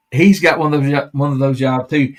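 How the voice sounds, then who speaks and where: A man hosting a live stream, chatting casually, rambling and laughing often. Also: mid-range voice.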